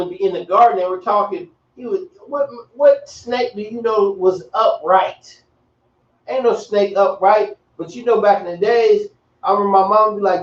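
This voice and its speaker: Male teacher, high voice, casual and slangy, recorded from across a dull room. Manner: relaxed, slangy, repeats himself. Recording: echoey, distant, dull room sound.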